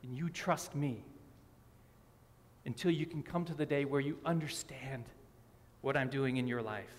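A man's voice: medium pitch, measured pace. A man preaching a sermon as a pastor. He asks rhetorical questions and drives his points home by repeating phrases. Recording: long reverb of a large hall.

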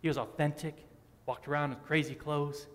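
A male pastor delivers an emphatic sermon in a slightly higher-than-average voice. His words ring through the long reverb of a large church sanctuary, and he keeps asking rhetorical questions and repeating his key lines. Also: fairly even intonation, moderate pace, fairly bright tone.

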